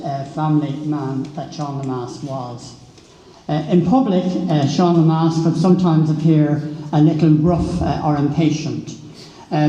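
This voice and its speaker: A middle-aged Irish man giving a formal speech at a book launch, pausing often with filler sounds. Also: a little high, warm tone. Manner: hesitant, many filler sounds. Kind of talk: formal speech reading out quotes. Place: large echoey hall. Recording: echoey hall with long reverb.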